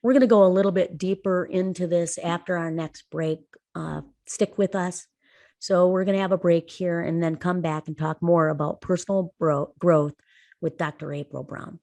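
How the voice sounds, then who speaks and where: A woman's voice: on the low side, fairly even intonation, normal speed, dark tone. A middle-aged woman co-hosting a podcast, telling personal stories in an earnest, emphatic way. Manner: earnest storyteller, emphatic rises. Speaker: podcast co-host. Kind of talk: conversational podcast chat.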